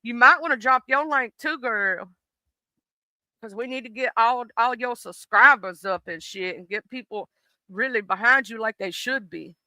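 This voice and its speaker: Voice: medium pitch, moderate pace, no echo, poor audio. A streamer in their late thirties, chatting casually and animatedly with a live audience, swearing freely. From southern United States. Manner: animated, profane, talks straight to the chat.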